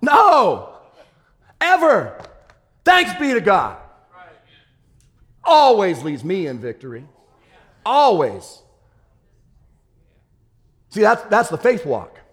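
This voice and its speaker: Animated preaching man with a raised pitch. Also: slow pace, long pauses, slightly rough, in a large hall. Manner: animated preaching that swings from shouts to a hushed, laughing storytelling tone. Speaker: pastor. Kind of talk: sermon.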